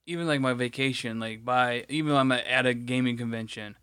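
A man's voice: medium pitch, brisk, fairly bright tone, clean tone, no room sound, studio quality. A man co-hosting a podcast from his home computer setup, talking bluntly with a lot of swearing and self-deprecating humor. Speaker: podcast co-host and editor. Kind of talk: casual chat.

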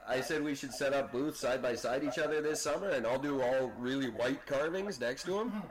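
A man's voice: medium pitch, normal speed, a crowd in the background, low-quality recording. A man co-hosting a casual podcast, joking and swearing freely, often stopping and restarting with fillers. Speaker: podcast co-host. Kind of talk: casual chat.

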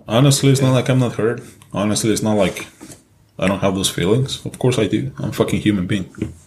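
A man with a Mexican accent speaks in a low, grounded voice. He co-hosts a casual podcast, talking earnestly and circling back over the same phrases, with casual swearing along the way. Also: brisk, darkish tone, slight background noise. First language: Spanish. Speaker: podcast co-host.

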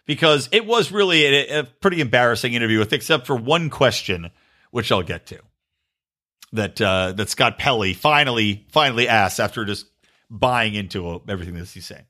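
Animated, sarcastic male podcast host. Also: medium pitch, normal speed. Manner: sarcastic, ranting, swears freely. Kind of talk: political commentary monologue.

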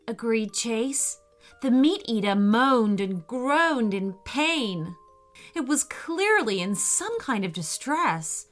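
A woman gently reading a children's bedtime story aloud as the storyteller. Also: a little high, big pitch swings, slow, soft background music.

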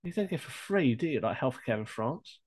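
A man's voice: mid-range voice, expressive, a little fast, darkish tone, slightly rough. A man co-hosting a podcast in casual banter, teasing his partner and laughing often. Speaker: podcast co-host.

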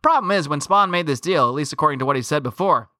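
A man's voice: a little high, animated, fast talker, sharp tone, no room sound, studio quality. A man recapping a comic book in casual podcast chat, rambling with many fillers and restarts. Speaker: podcast host.

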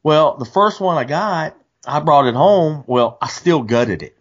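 A man's voice: fairly high pitch, a little slow. A man co-hosting a casual hunting podcast, telling stories animatedly with many restarts. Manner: animated storyteller, frequent restarts. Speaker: podcast co-host. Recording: dull lo-fi podcast audio.

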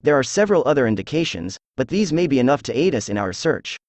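A synthesized male voice reading the lines of a confident, precise male detective in an even, measured way. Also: medium pitch, no echo. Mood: calm.

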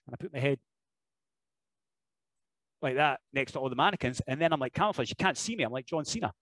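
Animated Scottish man, dry close sound. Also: medium pitch, a little fast, dry recording, rough recording. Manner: animated, jokey storyteller who slips into impressions and laughs. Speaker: professional wrestler guest. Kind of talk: casual podcast interview chat.

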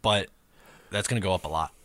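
A man's voice: deep voice, quick pace, fairly bright tone, no echo. A man co-hosting a casual sports podcast, easygoing and jokey. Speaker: podcast co-host.

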